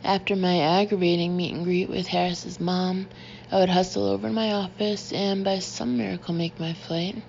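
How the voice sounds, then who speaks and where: A woman narrating in a flat, steady voice. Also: lowish voice, normal speed, vocal fry, dull audio, a little hiss or hum. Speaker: audiobook narrator. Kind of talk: first-person scripted narration.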